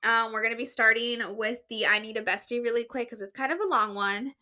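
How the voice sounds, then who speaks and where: Bright-voiced, chatty woman podcast host. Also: a little high, brisk. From United States. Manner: chatty, reads aloud with fillers and restarts. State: a bit out of breath. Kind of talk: casual podcast chat, reading a listener letter.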